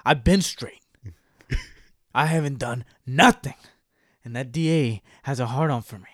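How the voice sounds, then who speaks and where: A man's voice: a little slow, no echo, studio quality, lightly acted. Man doing a wailing Cuban-accented informant. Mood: pleading. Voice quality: exaggerated wailing, high and strained. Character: wheelchair-bound Cuban informant man, pleading, tearful.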